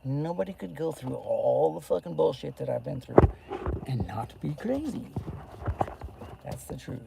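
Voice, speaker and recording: A young man talking to his camera while riding in a car, rambling casually, excitable one moment and murmuring the next. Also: a little high, unhurried, creaky, very noisy. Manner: excitable, jumps between topics, swings from loud to murmured. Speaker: vlogger. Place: inside a car.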